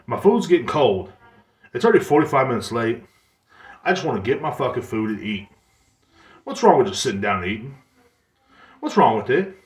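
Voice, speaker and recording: A man's voice: mid-range voice, lively intonation, fast talker, pauses often, roomy sound. A young man hosting his own podcast, ranting in a profane, exasperated way and mocking other people in put-on voices. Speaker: podcast host. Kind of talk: solo ranting monologue.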